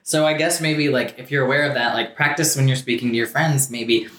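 Casting: man, mid-pitch, relaxed and rambling, lots of fillers, echoey room. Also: brisk. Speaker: podcast co-host. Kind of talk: casual chat. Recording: echoey room with faint noise.

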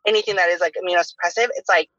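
A woman in her thirties talks quickly on a casual podcast, her voice bright and forward. She keeps dropping "like" between her thoughts. The sound is dull and lo-fi. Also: on the low side, fairly even intonation, dry recording. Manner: chatty, heavy use of "like" fillers. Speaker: podcast host.

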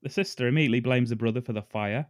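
A man co-hosts a podcast and narrates a film's plot in a relaxed, joking way, peppered with swearing. His pitch is middling. The recording is dry and close-miked. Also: racing, no echo. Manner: laid-back, laughing, sweary recap. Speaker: podcast co-host. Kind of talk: casual chat, recapping a film.

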